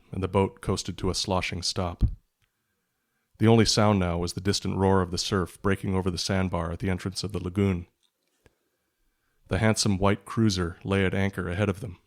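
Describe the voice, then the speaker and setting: A man reads from his own thriller novel in a low, deep voice. His delivery stays level and even, with little rise or fall in pitch. He sounds steady and measured, like an author sharing a passage on a podcast. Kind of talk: reading fiction aloud. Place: podcast recording.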